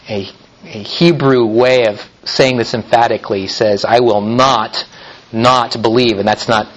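A man preaching a sermon in an emphatic, deliberate way, often restarting his phrases. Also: mid-range voice, fairly bright tone, poor audio.

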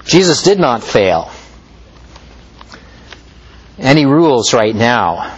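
A man preaching a sermon in a slow, measured way, rising and falling as he stresses points. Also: lo-fi sound, slight background noise. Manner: slow, measured preaching with lively pitch swings.

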